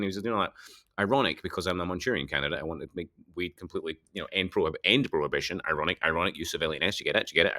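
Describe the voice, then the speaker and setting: A man's voice: mid-range voice, a bit bright. A man who is a local political candidate, giving a rambling solo monologue. He argues with himself in two voices, jokes, and laughs often.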